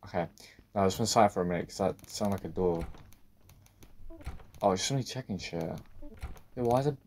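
A man giving a let's-play commentary on a horror game, talking to himself, swearing and breaking into sudden loud outbursts. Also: low-pitched, lively intonation, fairly quick. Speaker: gaming video creator.

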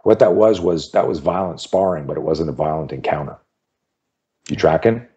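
A man's voice: very deep voice, normal speed, dark tone, slightly rough, lo-fi sound. A man in his fifties, a self-defense instructor, telling a story as a podcast guest; he talks emphatically, repeats key phrases, and acts out the people in his anecdotes. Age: 50s. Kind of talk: storytelling in an interview.

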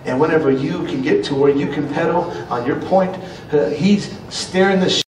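A middle-aged man preaches in a folksy storytelling way, his fairly high voice rising loud and dropping to a hush. He sounds set back from the microphone, and the church room around him is echoey. A faint rumble runs underneath. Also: moderate pace, distant mic. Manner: folksy storytelling, swings between loud and hushed. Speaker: pastor. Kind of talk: sermon. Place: church sanctuary.

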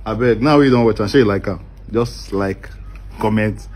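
A man's voice: on the low side, normal speed, darkish tone, a little hiss or hum. A Nigerian man in a comic prank skit, teasing and slipping into Pidgin.

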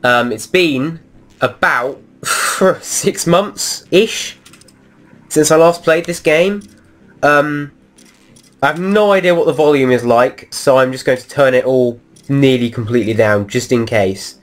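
Man hosting a gameplay video, mid pitch, rambling casual commentary while he plays. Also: slow. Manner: rambling, lots of ums and restarts while he plays.

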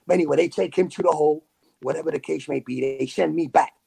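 A man from New City, telling a story as a podcast guest in animated street slang with sound effects. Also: on the high side, fast, creaky, husky. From New York City. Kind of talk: casual storytelling.

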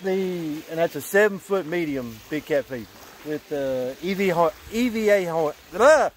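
Breathless high-voiced fishing vlogger. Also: male voice, normal speed, a little hiss or hum. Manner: excitable, breathless after a catch, Southern "y'all" slang. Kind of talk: excited outdoor vlog talk. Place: riverbank at night, outdoors.

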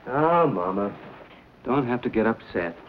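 Plain-spoken, wry western hero, lively pitch, old dull audio. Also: male voice, measured pace, slight background noise. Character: confident young frontier hero, a wealthy planter. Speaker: narrator. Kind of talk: 1950s TV western acting. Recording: dull lo-fi 1950s TV soundtrack.

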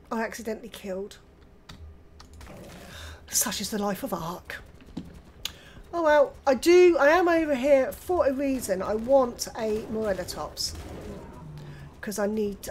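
An older British woman hosting her own gaming channel, chatting excitedly through gameplay and with friends on voice chat. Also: a little high, slight background noise. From United Kingdom. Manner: chatty, excitable, quick exclamations. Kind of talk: casual gameplay commentary.

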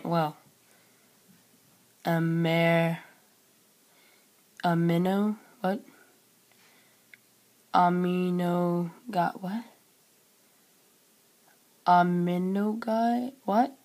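A woman's voice: lowish voice, fairly even intonation, drawn-out words, pauses often, a little mellow. A young woman chatting with strangers over a webcam, teasing them with mock-tough taunts. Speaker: chatroulette vlogger. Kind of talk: casual webcam chat.

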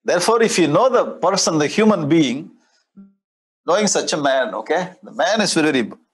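Husky Indian swami giving a discourse. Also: male voice, a little high, lively intonation, brisk. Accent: Tamil-influenced Indian English. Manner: explains Sanskrit verses line by line, with playful mimicry and chuckles. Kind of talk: spiritual discourse.

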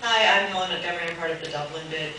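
A woman's voice: on the low side, racing, very noisy. A woman presenting a convention bid, reading a prepared letter aloud to a panel and breaking off now and then to laugh and ad-lib. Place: convention meeting room. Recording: echoey hall from far off with loud ambience.

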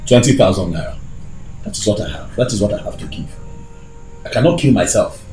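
A weary Nigerian husband, played by a male actor with a low, warm voice and lively swings of pitch. He sounds resigned and defensive, in an echoey room with music behind. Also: a little fast, natural voice. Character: poor man called Osando, weary and defensive. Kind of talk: Nollywood film acting.

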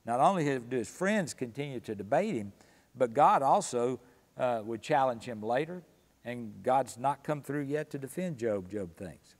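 A man teaching a Sunday school Bible study, explaining calmly and slowing down to read scripture passages with emphasis. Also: mid-range voice, in a large hall. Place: church room.

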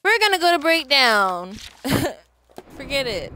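A woman's voice: sits high, sing-song, takes it slowly, bright, forceful tone. A young woman streaming a game, ranting at it in frustration with laughs and sighs. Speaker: gaming streamer. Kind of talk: casual let's play commentary. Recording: game music playing behind. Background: game music.

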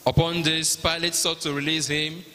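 Bright-voiced Nigerian man reading scripture. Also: fairly high pitch, flat delivery, moderate pace. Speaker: narrator of the Passion reading. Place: large cathedral. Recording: long cathedral reverb.

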